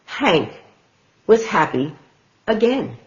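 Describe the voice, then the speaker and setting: A woman reading a picture book aloud to small children in a gentle, sing-song way. She reads slowly, and her pitch rises and falls widely. The recording is slightly dull and lo-fi. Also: big pitch swings. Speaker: children's storytime host.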